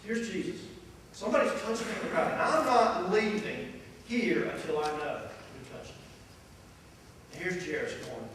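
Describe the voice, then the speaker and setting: A male pastor preaching a sermon, telling the story with lively animation. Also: high-pitched, moderate pace, slight background noise. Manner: animated, storytelling, acts out voices. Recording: echoey hall from far off.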